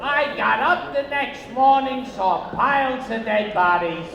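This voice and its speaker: A man performing a stand-up comedy set on a casino stage, with shrill, abrupt outbursts and deadpan asides. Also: measured pace, creaky, highs cut off. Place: casino stage, live audience. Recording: echoey, noisy audience bootleg.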